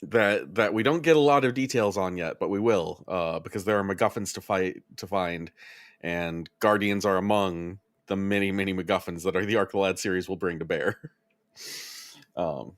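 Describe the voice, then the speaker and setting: As a podcast panelist, a man casually recaps a game's story in a low-pitched voice at normal speed. He's relaxed, chuckling often and dropping plenty of ums and uhs, with no room sound in the recording.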